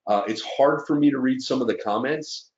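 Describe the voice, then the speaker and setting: A man's voice: medium pitch, normal speed, darkish tone, muffled recording. A man presenting his trading story to fellow students in an earnest, emotional way, with lots of fillers and asides. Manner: earnest and emotional, filler-heavy, checks in with "right?". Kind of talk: casual webinar presentation.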